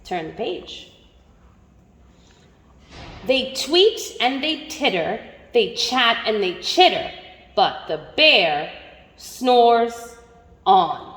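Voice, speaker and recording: Slow, animated woman reading a picture book. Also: a little high. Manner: slow, animated, gasping with wonder between pages. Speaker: teacher reading aloud. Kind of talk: picture-book read-aloud. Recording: echoey room with long reverb.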